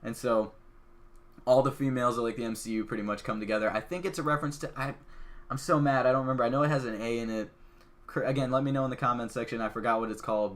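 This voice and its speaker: A man hosting a podcast, excitedly retelling a film in a casual, chatty way full of "like" fillers. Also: medium pitch. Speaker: podcast host. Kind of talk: casual movie recap.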